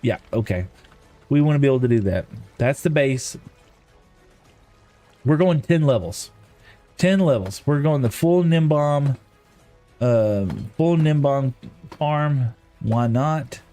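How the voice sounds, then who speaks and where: A man's voice: mid-range voice, animated, slow pace, pauses often, warm tone. Middle-aged guy streaming a game, rambly chatty storyteller, mid voice, a little music behind. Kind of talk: casual live-stream chat while gaming.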